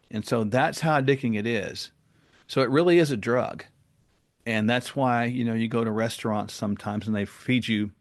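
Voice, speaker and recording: A man with a gravelly voice speaks as a podcast guest. His voice sits at a medium pitch. He tells stories earnestly and gets animated as he goes. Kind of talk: casual interview talk and storytelling.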